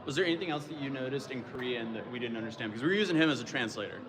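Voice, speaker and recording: A man's voice: medium pitch, animated, very fast, background noise. A man rambling through a casual recap of charges on a live stream, with lots of fillers. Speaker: streamer covering a court case.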